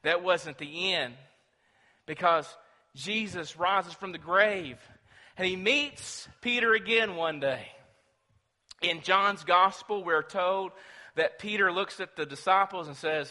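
A man preaching a sermon, telling the story dramatically and swinging between loud and hushed. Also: sits high, slow. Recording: long reverb of a large hall.

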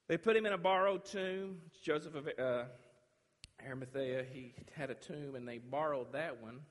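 A man preaching a sermon, dramatic, swinging from loud declaring to hushed, quiet lines. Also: medium pitch, moderate pace. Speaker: pastor. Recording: long hall reverb.

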